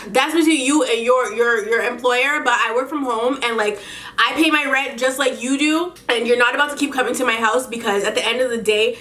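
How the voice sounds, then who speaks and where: A woman with a fairly high, bright and forceful voice tells a storytime vlog. She talks in an animated, indignant way and laughs often. The room around her is echoey. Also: normal speed. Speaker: vlogger telling a story.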